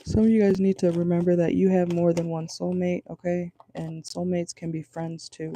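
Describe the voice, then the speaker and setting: A man with a dark, gravelly voice gives a relaxed tarot reading from a parked car. He sits a bit high in his range and talks loosely, reassuring his listeners. He keeps checking in with a casual "okay?". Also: moderate pace, slight background noise. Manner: loose, chatty, reassuring, many fillers like "okay?". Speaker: tarot reader.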